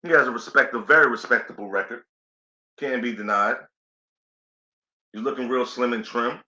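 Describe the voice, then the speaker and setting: A man's voice: mid-range voice, moderate pace, pushed and bright. Laid-back chatty man, echoey lo-fi. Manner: laid-back, chatty, says "you know what I'm saying" a lot. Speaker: boxing play-by-play host. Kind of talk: casual live commentary stream. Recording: echoey room, dull lo-fi sound.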